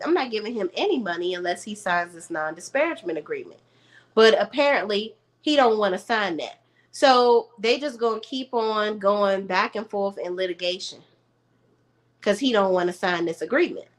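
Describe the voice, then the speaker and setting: A woman chats straight into her home camera. She is sassy and animated, talks to her viewers like friends, and keeps her recap casual. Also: medium pitch. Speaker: reality TV recap vlogger. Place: room at home.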